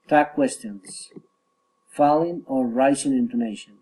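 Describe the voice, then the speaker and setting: A man reading English pronunciation drills aloud, word by word, carefully and deliberately. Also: medium pitch, dark tone, low-quality recording. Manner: careful, deliberate, each item spoken separately. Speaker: reader practicing English pronunciation. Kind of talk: slow reading of word lists and drill sentences.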